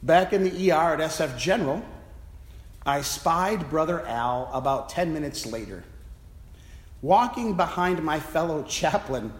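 A man's voice: on the high side, animated, unhurried. A man, a priest, giving a reflective, story-telling sermon from the pulpit of a church. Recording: echoey church with long reverb.

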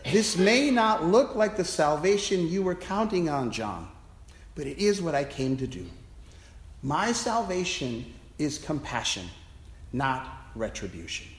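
A man voicing a calm, compassionate teacher who speaks reassuringly, in an echoey church. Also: on the high side, unhurried. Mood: gentle. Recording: echoey church with long reverb.

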